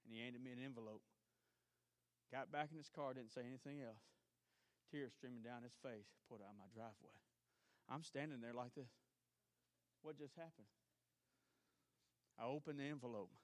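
A male pastor with a Southern US accent preaching a sermon, swinging between shouted exhortation and quiet storytelling. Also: medium pitch, moderate pace, pauses often, no room sound. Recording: archived church service.

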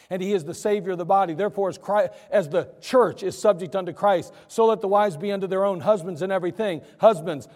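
A man preaching a sermon as pastor, animated, asking and answering his own questions. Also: high voice. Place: church sanctuary. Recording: echoey church hall.

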